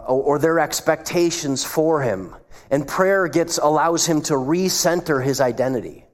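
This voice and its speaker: A man preaching a sermon as pastor, retelling scenes and dropping his voice low for asides. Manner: acts out quoted voices, drops to a hush for asides. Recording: long hall reverb.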